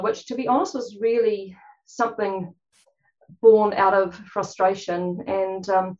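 A woman with a New Zealand accent presents at a conference as a clinician. She talks quickly and chattily, with many fillers and restarts, at a middling pitch. The recording sounds a little dull and muffled. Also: steady tone, a little mellow. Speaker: clinician giving a conference talk.

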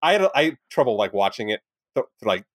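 A young man chats on a podcast at a rapid clip, rambling excitedly and swearing as he goes. His voice sits dry and close with no room around it. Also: lowish voice, no room sound. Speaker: podcast co-host. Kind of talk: casual podcast chat.

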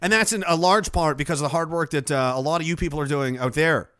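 A man's voice: a little high, quick pace, a bit bright, no room sound, studio quality. A man from Nova Scotia hosting a casual livestream, rambling and swearing freely as he jokes and reads out viewer messages. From Nova Scotia, Canada. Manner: rambling, profane, joking. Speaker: livestream host.

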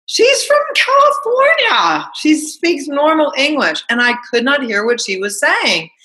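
A woman giving a chatty motivational talk, asking listeners rhetorical questions and telling animated stories. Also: sits high, normal speed, rough recording. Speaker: self-help talk host. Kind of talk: motivational monologue.

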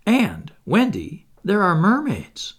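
A man's voice: high voice, slow pace, slightly rough, voice pushed up, full character voice. Peter Pan, a man voicing a coaxing flying boy. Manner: lively, coaxing. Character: eager boastful boy who flies.

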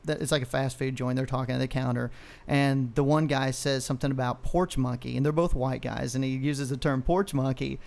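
A podcast co-host rants through casual chat, heavy on swearing and telling rambling stories with animation. He speaks fairly quickly at medium pitch with vocal fry.

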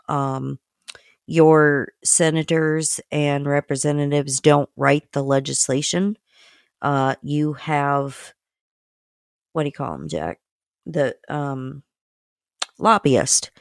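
A woman co-hosting a casual political chat, talking haltingly with many fillers. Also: deep voice, creaky, no room sound, clean studio sound. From United States. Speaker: podcast co-host.

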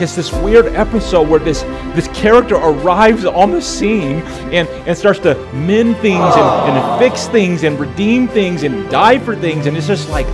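A man preaching a conversational sermon, playful and storytelling, calling his listeners "folks". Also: on the high side. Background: music.

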